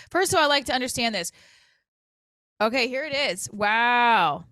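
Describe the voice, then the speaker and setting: A woman comedian hosting her own podcast, talking candidly and rambling about dating and self-worth, with self-mocking jokes and loud comic rants. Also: a little high, lively intonation, normal speed, pauses often, no room sound. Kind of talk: candid personal podcast monologue.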